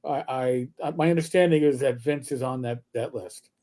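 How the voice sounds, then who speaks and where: A man co-hosting a casual gaming livestream, jokey and quick to react. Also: mid-range voice, mellow. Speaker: livestream co-host. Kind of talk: casual chat.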